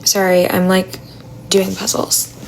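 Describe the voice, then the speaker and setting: A young woman chatting on a phone livestream at home, talking quietly with a raspy, gravelly voice, blunt and chatty. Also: medium pitch, monotone, takes it slowly, a little hiss or hum, rough recording. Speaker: livestreamer answering chat. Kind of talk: casual live stream chat. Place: home apartment at night.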